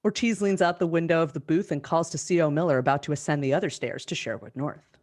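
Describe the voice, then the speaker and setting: A woman hosting a live script reading over a video call, reading the stage directions in a brisk, amused way. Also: deep voice, a little mellow.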